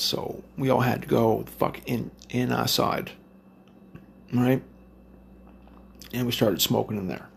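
A man's voice: on the low side, gravelly, a little hiss or hum. A man casually telling a rambling personal story, swearing constantly. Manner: heavy swearing, rambling with restarts.

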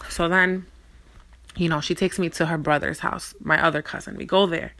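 Bright-voiced young adult podcast host, rambling. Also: mid-range voice, gravelly. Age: 20s. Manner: rambling, swearing, many fillers and restarts. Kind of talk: casual storytelling monologue. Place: indoors, alone. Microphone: phone mic.

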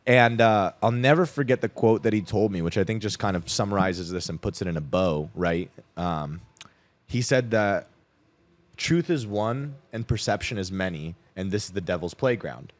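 A man's voice: on the low side, moderate pace. A young man in his twenties, a podcast guest, telling a personal story in a loose, rambling way, full of "like" and casual swearing.

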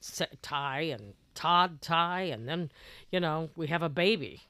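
A woman's voice: low-pitched, expressive, unhurried, fairly bright tone, dry recording. An older woman, the mother of the family, reminiscing about raising her sons. She finishes the others' sentences and tells stories in a plain, homey way. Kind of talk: casual family chat.

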